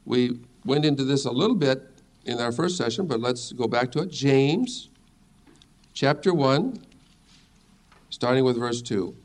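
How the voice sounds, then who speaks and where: A man's voice: medium pitch, expressive, measured pace, long pauses. A middle-aged man teaching a sermon as a pastor, earnest and reassuring as he reads scripture aloud.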